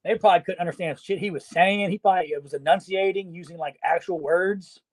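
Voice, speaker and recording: A man from Georgia with a Southern accent and a slightly higher voice. He co-hosts a casual podcast, rowdy and loud, cussing freely and hyping up his friends and viewers. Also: a little fast. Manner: rowdy, loud, swears, hypes people up. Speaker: podcast co-host. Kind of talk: casual chat.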